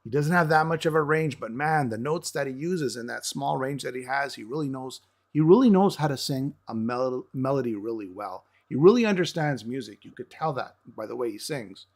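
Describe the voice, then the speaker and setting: A man's voice: medium pitch, lively intonation, brisk, hardly any pauses. A man co-hosting a metal music show who eagerly breaks down a song's guitar and vocals, stammering at times. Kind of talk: casual music review chat.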